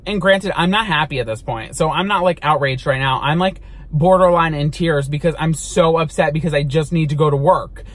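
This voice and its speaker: A young man with a high voice tells a dramatic story in his car-vlog storytime. He talks with lots of energy and theatrical emphasis. He swears casually as he goes. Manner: animated, dramatic retelling with swearing. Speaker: vlogger. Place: inside a car.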